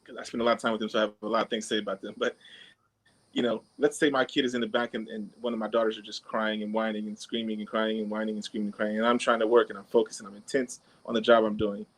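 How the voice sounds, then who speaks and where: A podcast host explains ideas in relaxed, conversational talk, sprinkling in plenty of fillers and small example dialogues. His voice is lowish, level and fairly bright, and he speaks fast on a rough recording.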